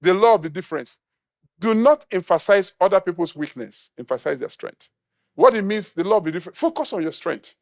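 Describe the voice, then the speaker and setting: A middle-aged pastor from Nigeria preaches with humor, acting out the people he quotes. His voice sits high for a man and swings widely up and down as he drives his points home. It is an animated sermon delivery throughout. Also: a little fast.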